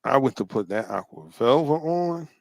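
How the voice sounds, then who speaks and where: A man telling a childhood story in a casual chat, relaxed and halting, with many fillers. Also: medium pitch, vocal fry, dry recording.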